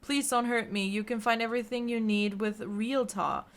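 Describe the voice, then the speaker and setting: A woman's voice: fairly high pitch, steady tone, moderate pace, lightly acted. A woman voicing a cowardly male guild leader in a fantasy game, whiny and pleading.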